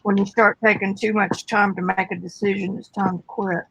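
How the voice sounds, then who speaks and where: A woman's voice: mid-range voice, little pitch movement, normal speed, vocal fry, fairly bright tone, husky, dry recording, lo-fi sound. A woman chatting easily as a guest on a livestream. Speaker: guest artist. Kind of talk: casual livestream chat.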